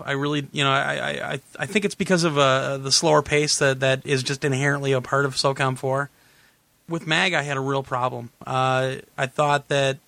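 A man hosting a gaming podcast in casual chat, rambling and correcting himself, laughing often, a little hoarse. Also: fairly high pitch, pushed and bright, no room sound. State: losing his voice. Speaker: podcast host.

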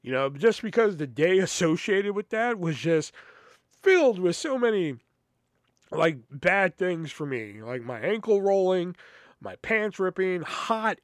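Recorded dry with clean studio sound, this young podcast host has a voice that sits high. His personal stories ramble along casually, delivered with exasperation and lots of profanity.

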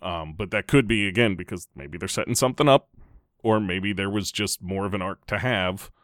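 Very low-voiced man, thoughtful. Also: normal speed, a bit bright, dry recording, studio quality. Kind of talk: casual film discussion.

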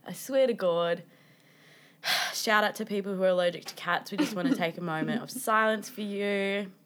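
A woman's voice: mid-range voice, normal speed, fairly bright tone. A young woman co-hosting a podcast in casual chat, joking, laughing often and swearing freely. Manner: swears a lot, jokey, laughs often, dips into accents. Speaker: podcast co-host.

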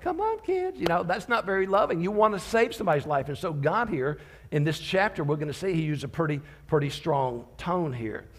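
A man's voice: fairly high pitch, fairly quick. A man preaching a sermon as a visiting pastor, talking conversationally with restarts and light teasing.

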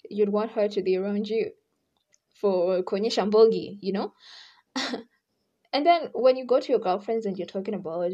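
A woman's voice: mid-range voice, moderate pace, mellow, lo-fi sound. A woman hosting a podcast, talking in a casual advice monologue, chatty and acting out quoted voices. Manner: chatty, acts out quoted voices, laughs often. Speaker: podcast host.

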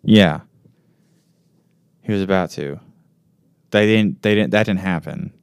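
A young man with a Southern US accent talks quickly and eagerly, acting out bits of dialogue. His voice sits low and sounds smooth and resonant. The recording is dry and close. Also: no echo. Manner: talkative, animated, quick to act out lines from scenes. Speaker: podcast co-host. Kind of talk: casual chat.

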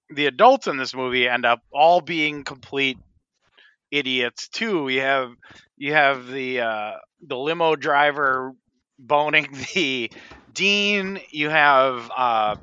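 A man's voice: medium pitch, slow pace, pushed and bright, clean tone, dull audio. A man co-hosting a podcast, chatting easily and laughing often. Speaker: podcast co-host. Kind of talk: casual chat.

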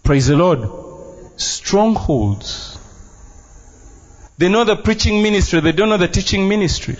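High-voiced pastor preaching. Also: male voice, expressive, measured pace. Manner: emphatic and playful, mixing in Luganda phrases. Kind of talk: sermon. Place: church. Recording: dull, muffled sound.

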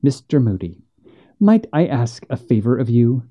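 A man's voice: medium pitch, moderate pace, dark tone, highs cut off, lightly acted. A man voicing a stern, proud frontier widow who speaks in a clipped, cold way. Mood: cold, steely.

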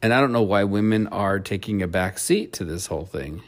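A man's voice: on the low side, animated, brisk. A man hosting a solo opinion podcast, ranting in a blunt, profane way. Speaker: podcast host.

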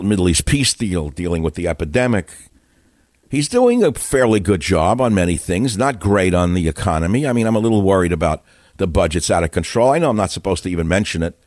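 A man's voice: lowish voice, no echo, clean studio sound. An older man hosting a radio talk show, delivering a combative, sarcastic, rambling monologue full of insults. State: winded.

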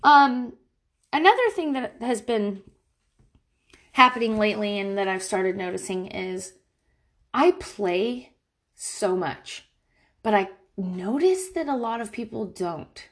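A woman and mother hosting a show, talking casually and candidly, swearing freely and joking, her voice swinging from high and bright to low and quiet. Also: expressive, slow, long pauses. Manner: candid, profane, jokey. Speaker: podcast host, mother. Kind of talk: casual chat.

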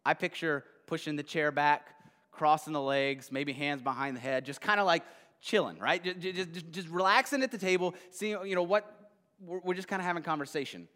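A man's voice: fairly high pitch, a little fast, pushed and bright, in a large hall. A man preaching a casual sermon in a conversational, rambling way, with a lot of fillers, asides and check-ins with his listeners. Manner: conversational, rambling, frequent "right?". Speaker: pastor.

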